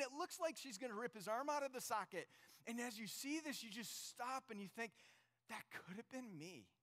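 Speaking straight to his congregation, a male pastor delivers an earnest, story-driven sermon in a voice that sits high and sounds sharp. A large hall's long reverb surrounds him.

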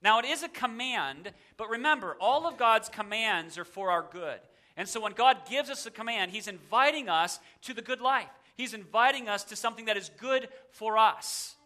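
A man's voice: high-pitched, lively intonation, moderate pace, few pauses, pushed and bright. A male pastor preaching a sermon in a church, emphatic and repeating a verse with shifting emphasis. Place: church sanctuary.

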